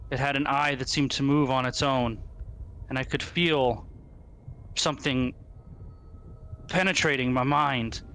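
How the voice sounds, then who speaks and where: A man voicing a shaken male ship captain who recounts his ordeal in halting, haunted speech. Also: mid-range voice, fairly even intonation, fairly bright tone, a little hiss or hum.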